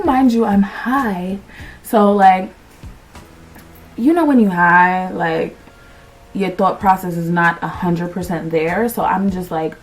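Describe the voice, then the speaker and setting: A young adult woman telling a storytime on her vlog, animated and slangy, swearing freely and acting out what people said. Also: on the low side, slow pace, pauses often, far from the mic. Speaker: vlogger. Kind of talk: casual storytime.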